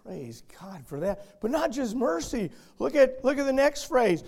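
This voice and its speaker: A man with a high voice preaching a sermon. He talks slowly and deliberately. He shifts from soft storytelling to shouted emphasis. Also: very animated, gravelly.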